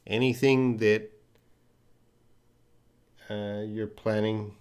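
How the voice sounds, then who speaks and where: A man hosts a live lesson, greeting each viewer and explaining patiently. He speaks slowly and unhurriedly, with a fairly low voice and plenty of ums and self-corrections. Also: steady tone, smooth. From Canada. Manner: greets viewers by name, explains patiently, hesitant with fillers and restarts. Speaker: English teacher. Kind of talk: live-streamed English lesson reading viewer chat. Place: indoor room at a desk with a board.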